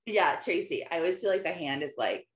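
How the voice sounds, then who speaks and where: A woman hosting a casual live call, telling stories in an animated way and acting out her own lines with big jumps in pitch. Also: brisk. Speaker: host, life coach. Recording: echoey room.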